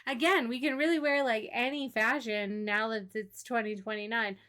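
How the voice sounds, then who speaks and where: A woman with a fairly high voice gives chatty, casual commentary on a game. Her manner is relaxed and giggly. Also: normal speed. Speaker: gaming creator.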